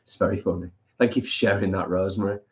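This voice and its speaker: A man's voice: low voice, fairly even intonation, quick pace. A man co-hosting a casual live-stream chat, reading out viewer comments over a dull, lo-fi recording. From England. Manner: chatty, reads out comments. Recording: dull lo-fi sound.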